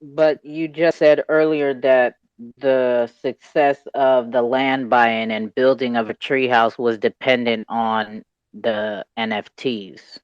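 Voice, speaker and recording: A man's voice: medium pitch, level tone, takes it slowly, clean tone, dry recording, highs cut off. A man hosting an online audio call, asking direct, probing questions and often adding "right?". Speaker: host of a crypto community call.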